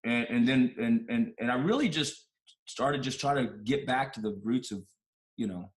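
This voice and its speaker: Guy telling an emotional story in an interview, mid-pitched voice, lots of restarts, heartfelt. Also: animated, moderate pace. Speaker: interview guest. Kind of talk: personal storytelling in conversation.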